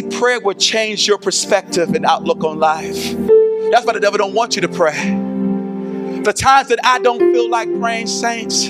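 High-voiced impassioned preacher man. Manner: impassioned, repeats phrases and swells into shouts. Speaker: pastor. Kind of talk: sermon.

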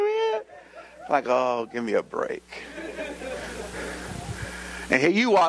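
A man, preaching a sermon and telling a personal story, acting out voices with sudden high jumps and dropping into whispers. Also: wildly swooping pitch, moderate pace, gravelly, pauses often, rough recording. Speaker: pastor. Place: church.

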